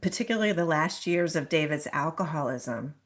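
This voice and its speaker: A woman's voice: deep voice, expressive, a little fast. A woman hosting an interview, responding to her guest and asking follow-up questions. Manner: warm interjections and probing questions. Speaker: interview host. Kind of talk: conversational interview.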